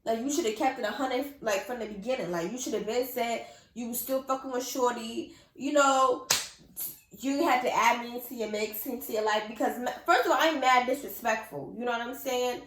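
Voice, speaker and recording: A young woman telling a personal story in casual vlog style, animated, blunt and full of slang and swearing. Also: a little high, fairly quick, echoey room.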